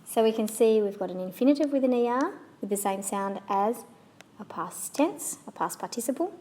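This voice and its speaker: A woman's voice: on the high side, lively intonation, dark tone, a little hiss or hum. Patient woman teaching French sounds. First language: English. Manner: patient, repeats model words slowly and carefully. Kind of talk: slow, clear pronunciation lesson.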